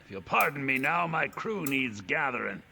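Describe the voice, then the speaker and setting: A man's voice: medium pitch, sing-song, normal speed, creaky, bright, forceful tone, slight background noise, full character voice. An actor playing a boastful, sly male pirate captain in a video game, with a put-on old-time pirate accent and a theatrical drawl. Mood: swaggering.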